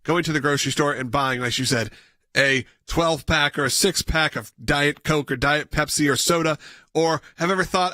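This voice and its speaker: A man's voice: on the high side, normal speed, pushed and bright, no room sound, studio quality. A man hosting a call-in radio show, earnest and appreciative as he takes callers.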